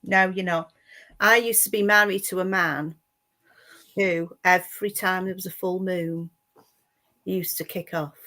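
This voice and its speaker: A woman co-hosting a casual live-stream chat, agreeable and telling a personal story in an unhurried way. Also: fairly low pitch, fairly even intonation, bright, forceful tone.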